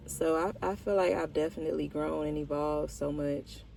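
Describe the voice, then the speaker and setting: A young woman talking candidly to her viewers in a vlog, slow, reflective and heartfelt, with casual slang. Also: low-pitched, flat delivery, vocal fry, dark tone, slight background noise. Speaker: vlogger. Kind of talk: candid personal check-in.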